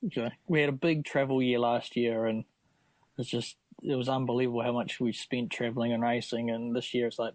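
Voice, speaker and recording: A man's voice: medium pitch, flat delivery, fairly quick, darkish tone, no echo, low-quality recording. A man with a New Zealand accent, chatting easily as a guest about racing and travel. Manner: easygoing, chatty, laughs often. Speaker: podcast guest, triathlete. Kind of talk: casual interview chat.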